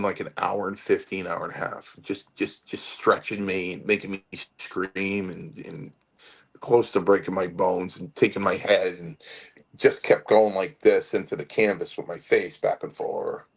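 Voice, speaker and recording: A man with a very low, deep voice spins old stories from the ring in an interview. He tells them with many restarts and slips into the voices of the people he quotes. He sounds like someone in his late fifties looking back on his early days. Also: normal speed, creaky, slightly rough. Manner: animated storyteller with many restarts and acted-out quotes. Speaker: retired pro wrestler, podcast guest. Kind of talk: storytelling interview.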